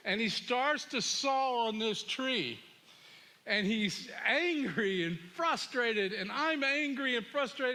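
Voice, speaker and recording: Bright-voiced, animated preaching man. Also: sits high. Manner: animated storyteller, acts out dialogue. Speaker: pastor. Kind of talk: sermon with personal story.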